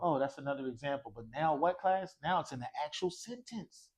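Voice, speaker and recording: A man's voice: fairly high pitch, brisk, slightly rough. A man teaching an Arabic class in a mosque classroom, leading call-and-response drills and quizzing students with casual, encouraging prompts.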